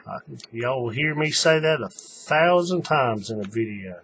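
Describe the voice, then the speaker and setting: A man's voice: medium pitch, animated, moderate pace, fairly bright tone, slight background noise. A man giving a casual, folksy hands-on craft tutorial, talking while he works. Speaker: paracord tutorial maker.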